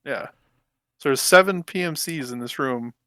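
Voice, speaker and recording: Bright-voiced laid-back male co-host. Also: medium pitch, moderate pace, smooth, dry recording. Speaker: podcast co-host. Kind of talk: casual gaming podcast chat.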